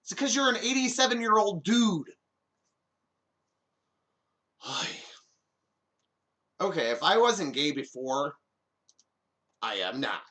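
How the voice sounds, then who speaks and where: A man's voice: high-pitched, sing-song, takes it slowly, long pauses, pushed and bright. A man hosting a podcast alone, giving comedic commentary with jokey, sarcastic asides. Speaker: podcast host.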